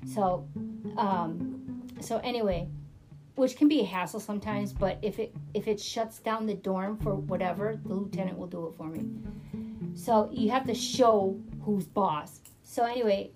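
A woman in her fifties from the US East Coast, a retired corrections officer telling blunt, animated stories with swearing. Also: medium pitch, unhurried. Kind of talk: casual storytelling interview. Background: guitar music.

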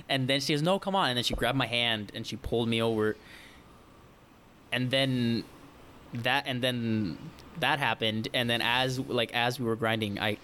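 A man's voice: medium pitch, fairly even intonation, measured pace, sharp tone, a little hiss or hum. A young man on a podcast telling a story in a casual, rambling way, with many restarts and acted-out quotes. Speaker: podcast co-host.

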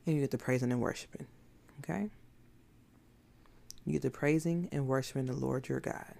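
Woman preacher, casual sermon, very gravelly, dark tone, blunt and emphatic. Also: extremely low pitch, steady tone, normal speed. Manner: emphatic, blunt, conversational preaching with rhetorical questions. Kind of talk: informal sermon.

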